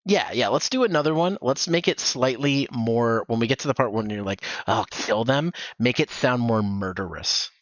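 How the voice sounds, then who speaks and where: A man hosts a voice acting workshop, encouraging and directing with quick demo readings. His voice comes through a gaming headset, sounding muffled and dry with no room behind it. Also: mid-range voice, lively intonation, no room sound. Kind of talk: instructive streaming chat. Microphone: gaming headset mic. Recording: dull, dry headset audio.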